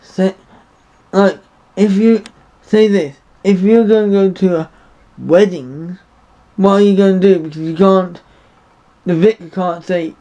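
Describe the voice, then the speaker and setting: High-voiced rambling man. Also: a little slow, pauses often, dark tone. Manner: rambling, repeats himself, indignant. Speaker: vlogger. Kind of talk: opinion monologue to camera. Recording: dull lo-fi recording.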